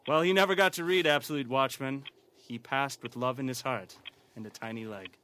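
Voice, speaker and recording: An actor playing a humble, sentimental poor father who speaks softly and earnestly to his family. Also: mid-range voice, moderate pace, close to an everyday voice. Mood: tender. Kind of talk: comedy audio parody.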